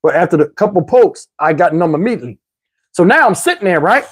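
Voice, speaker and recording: A man telling a wild personal story in a casual, animated, slangy way, swearing freely. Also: high voice, fast talker, breathy edge.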